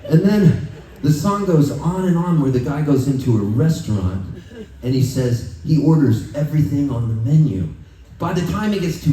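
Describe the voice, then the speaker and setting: A man's voice: on the high side, very animated, moderate pace, dark tone, a little hiss or hum. Rambling live-stage storyteller man. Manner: loose, joking storyteller, laughs often. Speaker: singer-songwriter performing live. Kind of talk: rambling stage banter and fast patter singing. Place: music hall at a festival, live audience. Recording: roomy live hall, heard from a distance, with band music.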